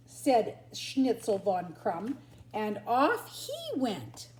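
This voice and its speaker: An older grandmother reading a picture book aloud to her grandchildren in a lively sing-song manner. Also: fairly high pitch, drawn-out words, slight background noise. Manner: sing-song, lively storyteller, barks and yips for the dogs. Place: at home. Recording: roomy echo.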